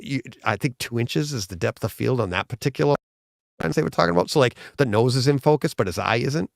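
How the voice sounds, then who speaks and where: Male co-host, gravelly voice, rambling and enthusiastic, dry close sound. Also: mid-range voice, no echo. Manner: rambling, enthusiastic retelling with many restarts. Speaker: podcast co-host. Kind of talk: casual livestream chat.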